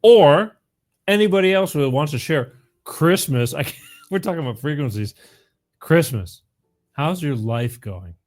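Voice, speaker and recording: A man's voice: on the high side, animated, moderate pace. A middle-aged man hosting a call-in show, chatting casually and rambling, with frequent laughs and repeats. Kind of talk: casual call-in radio chat.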